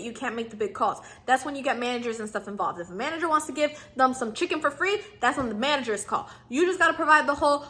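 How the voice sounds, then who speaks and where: A woman's voice: a little high, pushed and bright. A young woman in her twenties giving casual, slangy customer service tips to her viewers and acting out lines for clerks and customers. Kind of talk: casual advice vlog.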